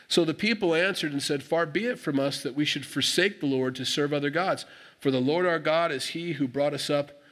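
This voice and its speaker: A man preaching a sermon, reading scripture aloud and explaining it in a conversational way, acting out the dialogue with emphatic rises. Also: mid-range voice. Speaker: pastor.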